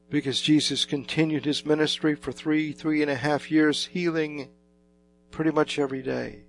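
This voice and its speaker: A man preaching a sermon slowly and emphatically, with dramatic swings in loudness. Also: fairly high pitch, fairly even intonation, soft background music.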